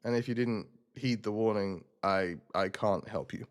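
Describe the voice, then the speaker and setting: A man's voice: fairly low pitch, moderate pace, smooth. A man streaming a role-playing game, chatting casually and rambling with self-mocking asides.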